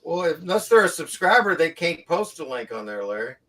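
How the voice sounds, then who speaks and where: A man's voice: a little high, very animated, brisk, pushed and bright. An older retired man chatting casually in an online group, matter-of-fact and wry. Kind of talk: casual online livestream chat.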